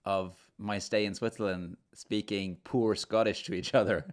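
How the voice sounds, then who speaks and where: A man's voice: lowish voice, steady tone, moderate pace. A man co-hosting a podcast in casual chat, throwing in dry quips and teasing. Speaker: podcast co-host.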